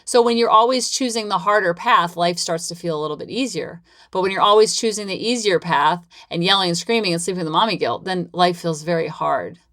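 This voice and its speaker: A woman's voice: on the low side, brisk, hardly any pauses, fairly bright tone. A woman hosting her own parenting podcast, talking casually in a chatty, rambling, upbeat way and repeating herself often. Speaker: parenting coach and podcast host. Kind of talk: casual solo podcast talk.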